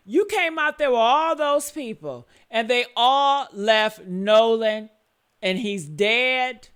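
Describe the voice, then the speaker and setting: A woman giving heated, cursing reaction commentary on an interview, yelling at times. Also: on the high side, lively intonation, slow pace, clean tone. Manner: angry, yelling and cursing, then apologetic.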